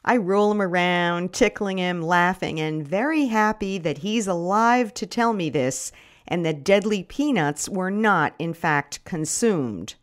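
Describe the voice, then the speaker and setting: A middle-aged woman reading her first-person memoir in a wry, deadpan storytelling manner. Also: lowish voice, unhurried. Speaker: narrator.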